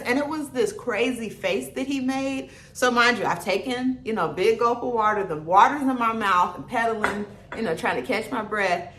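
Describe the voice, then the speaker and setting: Animated woman vlogger, echoey room. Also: on the high side, unhurried. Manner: animated, laughing, acts out quotes. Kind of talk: casual storytelling.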